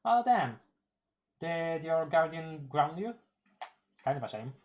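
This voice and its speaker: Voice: medium pitch, sing-song, slow, darkish tone. A streamer doing a casual live read-through of a webcomic, giggling, rambling and restarting words. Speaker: streamer reading a webcomic aloud.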